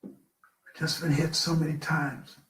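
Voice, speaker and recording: An older man giving a live motivational talk, telling personal stories with dramatic pauses. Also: on the high side, little pitch movement, fairly bright tone, echoey room. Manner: storytelling, slow with dramatic pauses. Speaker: motivational speaker.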